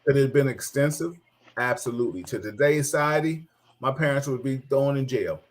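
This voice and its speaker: A man's voice: medium pitch, fairly quick. A middle-aged man hosting a casual talk show, telling stories animatedly, laughing and mimicking people. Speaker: host.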